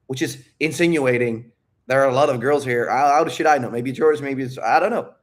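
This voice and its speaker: During a live Q&A on a casual livestream, a man coaches viewers on dating, talking at medium pitch and a little fast. He is profane and animated, rambling off on tangents and cutting himself off.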